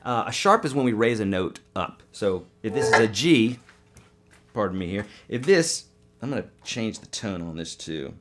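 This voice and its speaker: A man teaching guitar on a live webcast, upbeat and quick, singing note names now and then, with his morning voice. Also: lowish voice, very animated, a little hiss or hum.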